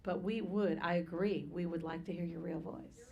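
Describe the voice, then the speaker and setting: A woman's voice: fairly low pitch, fairly even intonation, moderate pace, gravelly, muffled recording, noisy background. A woman voice teacher judging a singer, explaining technique in an instructive, practical way. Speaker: vocal teacher and judge. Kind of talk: spoken critique.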